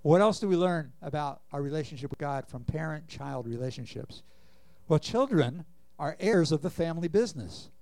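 A man's voice: a little high, animated, moderate pace, a little mellow, dry recording. A man preaching a sermon, earnestly reading scripture and asking the congregation questions. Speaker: pastor.

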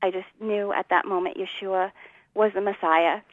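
A woman's voice: mid-range voice, fairly even intonation, moderate pace, no room sound, narrow, tinny audio. Earnest woman telling her testimony. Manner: earnest storytelling, acts out quotes, laughs often. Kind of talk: personal testimony in a conversation.

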